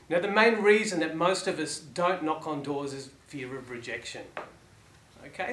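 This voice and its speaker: High-voiced man giving a motivational talk. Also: a little hiss or hum. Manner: rhetorical questions, dropping to soft endings. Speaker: motivational speaker. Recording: echoey room, faint background ambience.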